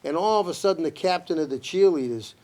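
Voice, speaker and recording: A man with a strong Boston accent, a guest in a casual TV chat who tells his stories with lively energy. His voice sits a little higher than most men's. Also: fast. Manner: animated, lively storyteller.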